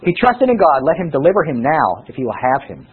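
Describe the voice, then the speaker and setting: A man preaching a sermon and teaching from scripture, with animated delivery and frequent rhetorical questions to his listeners. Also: on the high side, brisk, slightly rough. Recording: tinny phone-like sound.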